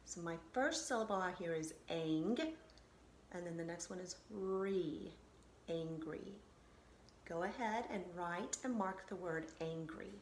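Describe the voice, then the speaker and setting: A woman's voice: on the low side, measured pace, darkish tone, echoey room, slight background noise. A woman teacher giving a recorded phonics lesson to children, patiently sounding out syllables and reassuring them.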